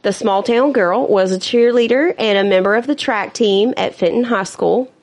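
A woman's voice: mid-range voice, normal speed. A woman co-hosting a true-crime podcast, chatting casually, laughing often and tossing in blunt asides. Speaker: podcast co-host.

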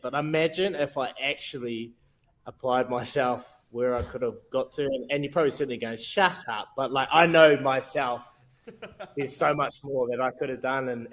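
A man's voice: mid-range voice, a bit bright. A man in his thirties with a New Zealand accent, a podcast guest telling candid, self-mocking stories in laddish slang. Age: 30s. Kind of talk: casual storytelling chat.

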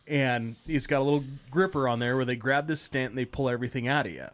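A man in the middle of a long, rambling podcast story, swearing freely and breaking into laughs. He slips into the voices of the people he describes. His voice sits at an ordinary, middle pitch. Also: fast. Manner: animated, swearing, laughing while telling stories, acting out quoted people. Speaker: podcast host. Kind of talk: casual storytelling.

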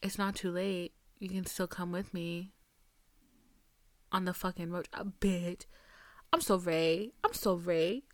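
A woman's voice: on the low side, takes it slowly, pauses often, darkish tone, no echo. A young woman hosting a podcast, telling a dating story in a casual, profane, chatty way and acting out both sides of the conversation. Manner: chatty, profane, reenacts dialogue with quoted voices. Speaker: podcast host.

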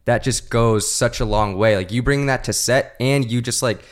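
Guy cohosting a podcast, earnest, lots of "like"s, mid pitch voice. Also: moderate pace. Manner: earnest and complimentary, many fillers. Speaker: podcast co-host. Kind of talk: casual podcast conversation.

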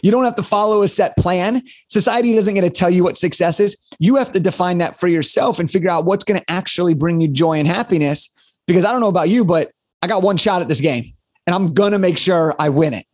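A man in his late twenties, a guest telling an energetic story on a podcast and acting out the quotes. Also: sits high, fast. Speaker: guest, speaker and author.

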